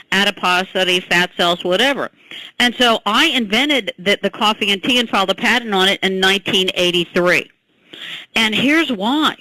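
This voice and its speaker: An older woman scientist, guest on an interview, emphatically and animatedly tells how she invented a product, laughing and tossing in "okay?". Her voice is mid-range, and the poor audio has no echo.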